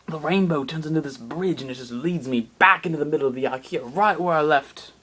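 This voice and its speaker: A man telling an absurd comic story in a rambling, excitable way with plenty of fillers. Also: on the high side, fairly quick, few pauses, slightly rough.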